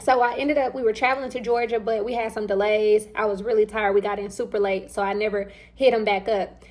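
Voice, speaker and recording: A young woman telling a personal story in casual chat, animated and informal, acting out the lines of the people in it and talking straight to her listeners. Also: medium pitch, a little fast. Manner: animated, acts out quoted dialogue; chatty and informal, addresses listeners directly. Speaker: vlogger.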